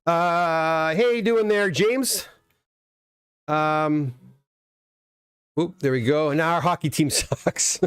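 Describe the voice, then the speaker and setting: A man's voice: fairly high pitch, takes it slowly, pauses often, a bit bright, smooth, dry recording, clean studio sound. A middle-aged man from Canada hosting a casual live stream, chatting in a rambling way and reading comments aloud. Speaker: livestream host unboxing graded comics.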